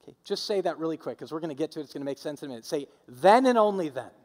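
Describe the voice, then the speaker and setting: A male pastor delivers a sermon in a fairly high voice, hammering his points with repetition and calling on the congregation to answer back. His voice carries a long reverb from a church hall. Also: rapid-fire, a little mellow. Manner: emphatic, repetitive preaching with audience call-and-response.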